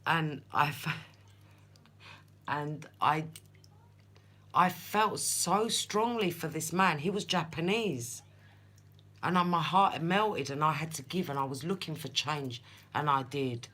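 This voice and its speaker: A woman's voice: low voice, slow pace, pauses often, fairly bright tone. Chatty woman reading tarot. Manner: chatty, laughing storyteller who speaks to viewers by name. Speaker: tarot reader. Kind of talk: live-stream tarot chat.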